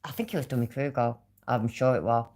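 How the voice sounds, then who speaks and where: A very deep-voiced British woman of middle age, chatting with a British accent in a rambling, foul-mouthed way during a livestream. She laughs easily and drifts from topic to topic. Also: steady tone, fast, a little mellow. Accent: British English. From Britain. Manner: rambling, swearing, laughing chat. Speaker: streamer. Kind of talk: casual livestream chat.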